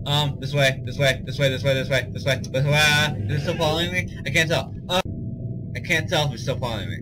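A young man gives let's play commentary, panicky and swearing, with frequent nervous laughter. His voice sits a little high and he talks slowly. The home recording has a steady noise floor. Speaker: gaming commentator.

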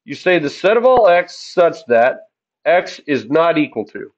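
A man's voice: fairly high pitch, sing-song, unhurried, dull audio. A man teaching a math class in an upbeat, jokey way, asking the class questions as he works through the graphs. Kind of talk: classroom lesson.

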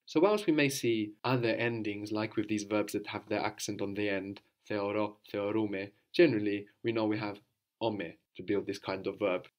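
A man with a lowish voice leads a spoken language lesson. He explains slowly and patiently, quizzes his student and repeats each answer back. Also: fairly even intonation, lo-fi sound. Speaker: language teacher.

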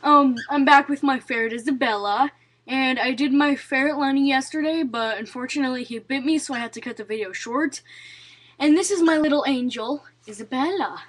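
A woman's voice: high-pitched, brisk. A young woman casually vlogging at home, chatting to the camera and cooing at her pets. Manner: chatty, talks baby talk to pets. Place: at home indoors.

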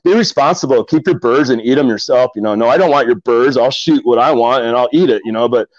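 A man's voice: mid-range voice, quick pace, no room sound, muffled recording. Rambling middle-aged man telling fishing stories. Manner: rambling, animated storyteller with many fillers and restarts. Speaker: kayak angler guest. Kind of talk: casual storytelling interview.

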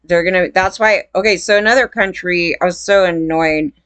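A woman's voice: on the low side, normal speed, a bit bright, clean tone, dry recording. A woman talking to her viewers in a rambling, indignant casual monologue, full of fillers. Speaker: vlogger.

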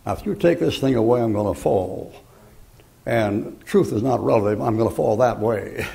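A man's voice: fairly low pitch, moderate pace, vocal fry, warm tone. An older man preaching a folksy, joking sermon, rambling through homespun stories.

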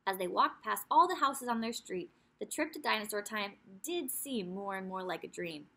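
A woman's voice: medium pitch, lively intonation, normal speed, sharp tone, breathy edge. A woman teacher reading a children's chapter book aloud, telling the story expressively with asides to young listeners.

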